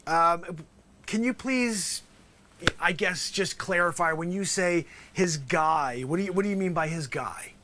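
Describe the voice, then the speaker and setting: A man's voice: sits high, a little slow, background noise. A male host acting out an improvised courtroom sketch as a lawyer, talking theatrically and dropping into whispers for emphasis.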